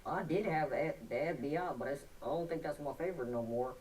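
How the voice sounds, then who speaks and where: A male guest answering interview questions in a halting, stuttering, plainspoken way. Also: a little high, a little mellow, distant mic, slight background noise, rough recording.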